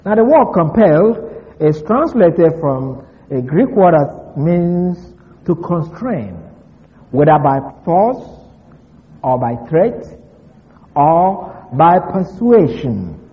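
A man giving a verse-by-verse Bible lesson, measured and deliberate, slowly stressing key words. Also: on the high side, lively intonation. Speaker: Bible teacher. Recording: long reverb, dull lo-fi sound.

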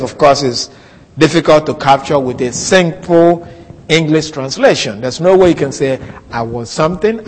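Slow, methodical male Bible teacher. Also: on the high side, in a large hall. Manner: methodical, explains points step by step.

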